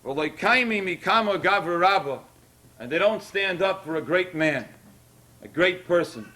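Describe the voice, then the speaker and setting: A man's voice: high voice, lively intonation, normal speed, bright, forceful tone. A man speaking at a synagogue ceremony, delivering an emotional sermon that rises to emphatic peaks. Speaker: rabbi speaking at a Torah dedication.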